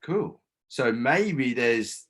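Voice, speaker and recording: Guy coaching men in an interview, earnest, drops the odd swear, normal pitch. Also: expressive, drawn-out words, fairly bright tone, husky, low-quality recording. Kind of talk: guiding a breathing exercise and talking in an interview.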